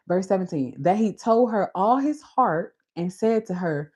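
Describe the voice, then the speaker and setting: A woman with a Caribbean Creole accent hosting a casual, animated Bible talk, with a husky voice and frequent laughter. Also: medium pitch, measured pace, hardly any pauses. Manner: animated, preachy, laughs often. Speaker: beauty channel host.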